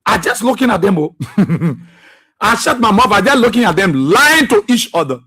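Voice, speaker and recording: High, bright, husky Liberian man. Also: expressive, moderate pace. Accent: Liberian English. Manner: impassioned, repetitive, preachy. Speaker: radio talk show host. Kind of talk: political commentary monologue.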